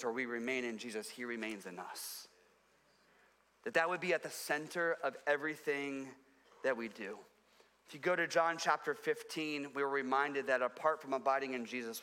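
Bright-voiced pastor preaching in a reverberant hall. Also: male voice, clear, resonant tone. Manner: earnest, repeats phrases for emphasis, drops low and quiet on key points. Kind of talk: sermon. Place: church sanctuary.

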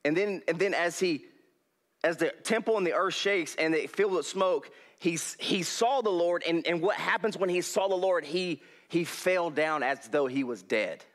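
A young male preacher, giving a folksy, animated sermon in a church hall on a headset mic and laughing often. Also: on the high side, moderate pace.

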